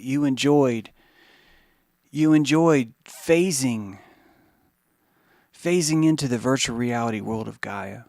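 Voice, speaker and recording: A man hosting a podcast, rambling in a monologue that swings from hushed musing to mocking put-on voices, with some swearing. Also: medium pitch, unhurried, dry recording, studio quality. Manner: profane. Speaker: podcast host.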